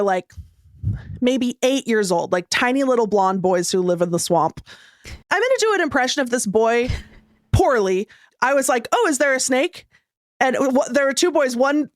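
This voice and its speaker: A woman with a fairly high voice, co-hosting a casual podcast chat. She tells stories in an animated way and laughs often. Her voice is recorded close and dry in a studio. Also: dry recording. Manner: animated storyteller who laughs while telling. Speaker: podcast co-host.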